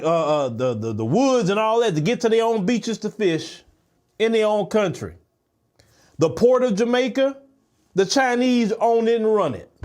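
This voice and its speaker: High, animated man lecturing with indignation. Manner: indignant, lecturing, swings between high exclamations and low growls. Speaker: commentator reacting to clips. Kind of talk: heated reaction commentary.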